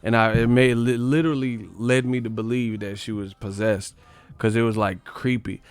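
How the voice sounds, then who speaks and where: A man casually telling a wild, profane story on his livestream, emphatic and animated. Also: mid-range voice, moderate pace, clean tone, dry recording. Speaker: boxing livestream host.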